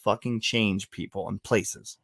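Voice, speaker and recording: A man's voice: on the low side, steady tone, measured pace, fairly bright tone, no echo, studio quality. A man hosting a podcast, chatting casually and telling stories in a profane, teasing way. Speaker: podcast host.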